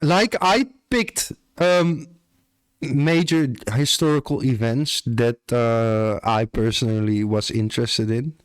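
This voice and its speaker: A man's voice: medium pitch, slow pace, smooth, dry recording, clean studio sound. A young man with an Australian accent chatting casually on a live stream, swearing offhandedly and tacking "bro" onto his lines. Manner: laid-back, swears casually, often ends lines with "bro".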